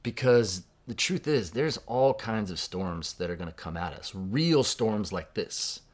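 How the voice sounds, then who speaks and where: A man with a fairly low voice delivers a sermon in a relaxed, conversational manner. He muses aloud, asks questions of his listeners, and drops to a hushed tone for quoted words. He is from Southern California. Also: a little slow. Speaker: pastor.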